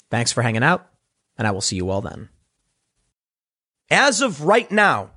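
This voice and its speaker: A man's voice: fairly high pitch, fairly bright tone. A man hosting an opinionated political commentary show, talking emphatically and repeating words as he pushes his point.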